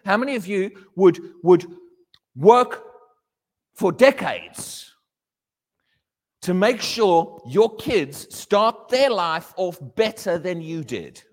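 Guy preaching in a big echoey hall, high voice, super animated. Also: slow, pauses often. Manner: animated, questioning the congregation, acting out dialogue. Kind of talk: sermon.

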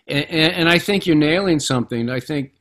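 A man's voice: a little high, brisk, a bit bright. Reflective middle-aged man telling stories. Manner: reflective storyteller, repeats words as he gathers thoughts. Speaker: guest author. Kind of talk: conversational interview.

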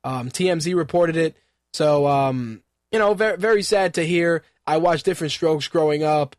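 A man in his thirties runs a radio talk show and chats through the news in a loose, joking way, stumbling over words and filling gaps as he goes. His voice sits a little higher than most men's. The sound is dry and close, with no room around it. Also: normal speed, dry recording. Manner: offhand and joking, with frequent fillers and restarts. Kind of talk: casual news commentary.

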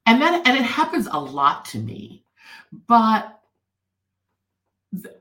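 A woman guest telling her personal story in an interview, earnest and animated. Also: medium pitch, unhurried, long pauses, echoey room, poor audio.

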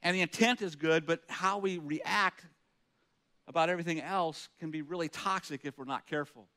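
A man's voice: fairly high pitch, moderate pace, bright, forceful tone. A man preaching a sermon in an earnest, conversational way, reading scripture aloud and asking the room rhetorical questions. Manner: reads scripture aloud between comments. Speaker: pastor.

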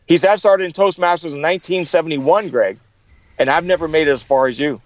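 A middle-aged man, a guest in an interview, tells stories energetically and acts out the people he quotes. His voice is fairly high and fast, with no room sound.

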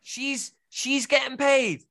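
A musician on a casual podcast rants his way through a story in a very high, bright, forceful voice. He goes slowly with fairly even intonation, swears a lot, and keeps checking in with "right?"

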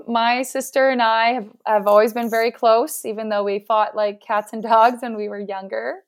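A woman, a physical therapist, talking at length as an earnest, reflective guest in a casual interview. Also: fairly high pitch.

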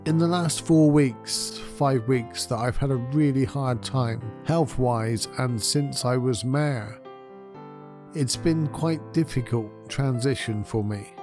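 A man hosting his own podcast, talking in a gentle, candid way and thinking aloud. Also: mid-range voice, slow, over music. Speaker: podcast host. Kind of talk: reflective solo podcast talk.

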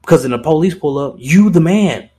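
A man's voice: on the high side, expressive, brisk, mellow, breathy edge. A young man speaks on his podcast in a casual, unscripted monologue. He is blunt and impassioned, swears often and restarts his sentences as he presses his point. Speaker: podcast host.

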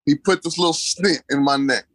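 A man with a slightly high, somewhat bright voice tells his own story as an interview guest, talking fairly quickly. He's casual and colloquial, repeating key phrases for emphasis, and there's no echo.

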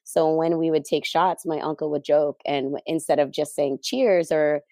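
A woman's voice: low-pitched, steady tone, moderate pace, mellow, no room sound, studio quality. A woman from the United States, a guest on an interview podcast, telling a personal story in a candid, easygoing way. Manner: candid and easygoing, laughs lightly. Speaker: interview guest, event planner.

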